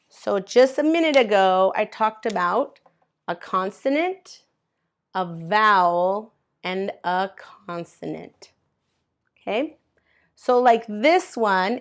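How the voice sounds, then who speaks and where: A woman teaching English grammar to learners, patiently spelling out letters and sounds one by one. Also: mid-range voice. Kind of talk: slow classroom grammar explanation.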